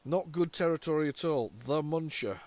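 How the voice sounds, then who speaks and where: In this dry recording, a British man with a somewhat high, slightly mellow voice talks at a normal speed. He hosts a retro computing video, chatting nostalgically on his own while loading an old cassette, tripping over repeated words and false starts.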